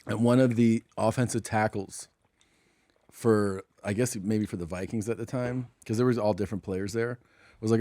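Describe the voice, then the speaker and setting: A man from Minnesota co-hosting a podcast, telling a childhood story in an excitable, laughing, profane way. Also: normal speed. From Minnesota, USA. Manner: excitable, laughs often, jumps high in pitch when amused. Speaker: podcast co-host. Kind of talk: casual comedic storytelling.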